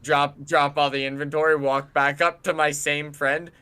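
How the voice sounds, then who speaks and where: A young man co-hosting a casual podcast, telling animated stories, acting out quotes and swearing freely. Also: on the high side, moderate pace, smooth. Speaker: podcast co-host and streamer. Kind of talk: casual chat.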